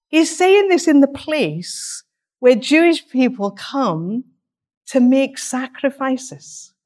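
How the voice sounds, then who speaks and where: A woman preaching an interactive sermon in a conversational, teaching manner. Her voice sits fairly high and moves a lot, rising and falling as she asks rhetorical questions and sets her listeners talking among themselves. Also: darkish tone.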